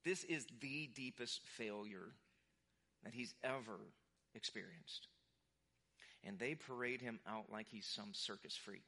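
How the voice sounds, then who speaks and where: Bright-voiced animated male preacher. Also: lowish voice, a little slow, long pauses. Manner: animated, acts out quoted voices. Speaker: pastor. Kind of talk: sermon.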